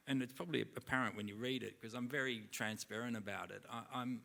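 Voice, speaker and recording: On a theatre stage at a live event, a middle-aged man appears as a guest in an on-stage interview, rambling through anecdotes and acting out other people's dialogue. He talks fast with hardly any pauses, his medium-pitched voice pushed, bright and fried, the intonation fairly even.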